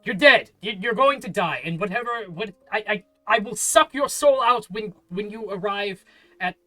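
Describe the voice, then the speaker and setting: A man doing a succubus mother, furious, shrill, shouting, bright voice. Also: very animated, a little slow, faint music behind, full character voice. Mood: ranting. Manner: ranting, shouting, sputtering curses. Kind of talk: voicing a character in a tabletop game.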